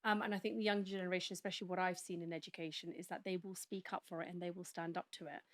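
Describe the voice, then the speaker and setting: A woman educator on a discussion panel, speaking in a measured but frank, opinionated way. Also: lowish voice, little pitch movement.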